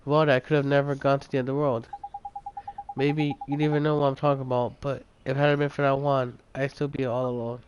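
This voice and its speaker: A man's voice: medium pitch, little pitch movement, fast talker, lo-fi sound, noisy background, natural voice. A man reading as an earnest young boy. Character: young boy grieving his mother, earnest.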